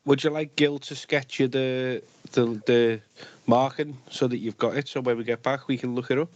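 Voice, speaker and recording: A man's voice: medium pitch, steady tone, normal speed, darkish tone, no echo, highs cut off. A man playing a tabletop game in character, stammering through restarts and cracking dry jokes. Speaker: player.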